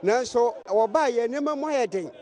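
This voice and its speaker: A man's voice: extremely high pitch, animated, unhurried, a little mellow, a faint crowd. Earnest Ghanaian man at a station. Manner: earnest, appealing to the government. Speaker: interviewee driver. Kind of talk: vox-pop street comment. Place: busy outdoor lorry station.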